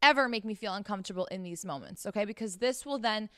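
A young woman talks in a frank, casual monologue as host, blunt and full of swearing, addressing her listeners directly. Her voice is smooth and clear at a middle pitch, recorded close and dry with no room sound. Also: fast, pushed and bright, no echo. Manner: blunt and profane, talks straight to the audience.

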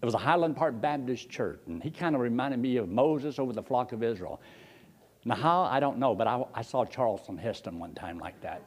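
Husky older preacher, very animated. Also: male voice, brisk. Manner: folksy, animated, jumps high when excited, drops low for quotes. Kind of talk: storytelling sermon.

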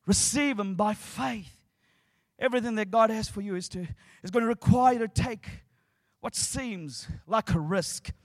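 A man preaching a sermon with call-and-response, repeated phrases and frequent shouting. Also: extremely high pitch, dry recording.

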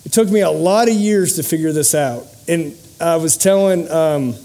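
A man's voice: a little high, normal speed, dark tone. A man giving a motivational speech to a live audience, telling personal stories in an earnest, humorous way. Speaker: motivational speaker and podcast host.

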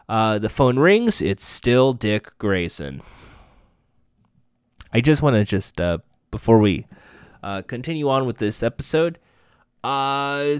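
A man's voice: mid-range voice, clean tone, no room sound, clean studio sound. A man giving a casual, profane, sarcastic recap of a TV episode, rambling as he goes. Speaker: show recapper.

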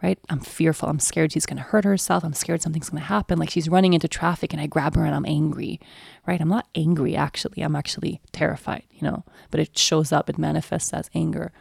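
A young woman talks through her thoughts as a mother in an open, searching way, often checking in with "right?". Her voice is low and heavily gravelly with a warm, dark tone. The recording is dry and close, with no room around her. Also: steady tone, fast, dry recording. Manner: earnest, open, thinks aloud with frequent "like" and "right?". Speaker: mother sharing personal reflections. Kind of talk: casual reflective monologue.

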